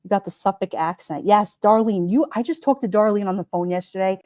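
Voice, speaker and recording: A woman's voice: mid-range voice, fairly quick, warm tone, dry recording, studio quality. A woman with a Brooklyn accent hosting a casual live stream, chatting, reading out viewer comments and laughing often. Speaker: livestream host.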